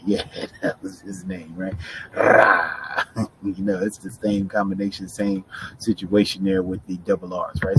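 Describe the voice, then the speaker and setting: A man's voice: sits low, gravelly, background noise. A middle-aged man teaching Spanish pronunciation in a casual video lesson, switching between Spanish and English and often checking in with "right?". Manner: chatty, mixes Spanish and English, frequent "right?" check-ins.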